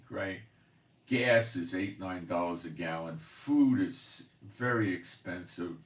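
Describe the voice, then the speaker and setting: A man's voice: low-pitched, slow pace, far from the mic. A man hosting his own channel, talking in a rambling, exasperated monologue, complaining and sighing as he goes. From Israel. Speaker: channel host, prophecy commentator. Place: home in the Galilee, Israel. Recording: roomy echo, voice off-mic.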